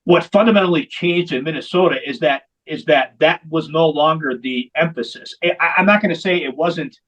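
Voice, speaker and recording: A man's voice: on the high side, brisk, fairly bright tone, lo-fi sound. A man who founded a veterans hockey program, telling its story in an interview with candid, emphatic repetition. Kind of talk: long-form interview storytelling.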